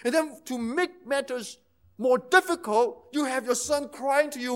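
High-voiced man preaching with passion. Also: measured pace. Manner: impassioned, rising to emphatic intensity then dropping to near-hushed tones. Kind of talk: sermon.

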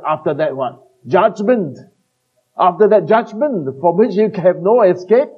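Earnest higher-voiced male preacher, tinny recording. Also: animated, breathy edge. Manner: earnest, emphatic, slows down to quote scripture, trails off softly at phrase ends. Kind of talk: sermon. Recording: tinny phone-like band-limited recording.

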